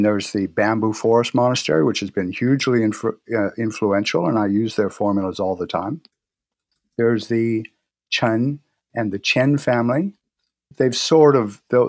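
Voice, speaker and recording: A man speaking as an interview guest, telling stories in a relaxed way with frequent restarts and pauses. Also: medium pitch, dry recording, studio quality. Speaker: guest, herbal medicine practitioner. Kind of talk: casual interview talk.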